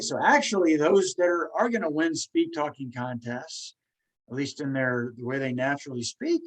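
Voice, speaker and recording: Male podcast host, stutters, encouraging, fairly high voice. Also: poor audio. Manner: stutters, with repeated words and restarts. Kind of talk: casual podcast conversation.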